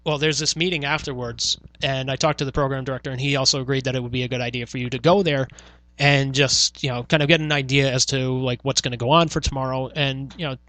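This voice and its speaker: Podcast host, New man, quick and bright-voiced, swears freely as he tells stories, dry close mic. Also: medium pitch, fairly even intonation, no echo. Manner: profane storytelling, acts out quoted exchanges. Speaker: podcast host, former radio worker. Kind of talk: casual chat.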